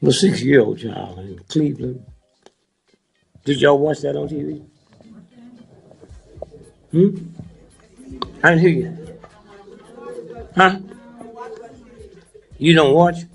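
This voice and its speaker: A man's voice: fairly high pitch, takes it slowly, creaky, pauses often, soft background music. A man in his eighties talking to a live audience in a preachy, joking way, keeps prodding the crowd with "huh?" and "hmm?". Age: 80s. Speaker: speaker addressing a live audience.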